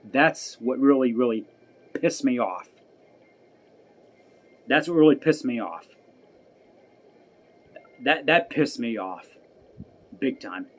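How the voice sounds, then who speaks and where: A man sits alone venting to his viewers in a heated, profane rant. He repeats his points and swears often, and his tone never settles into calm. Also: medium pitch, takes it slowly, pauses often. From United States. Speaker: vlogger. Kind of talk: angry personal rant to camera.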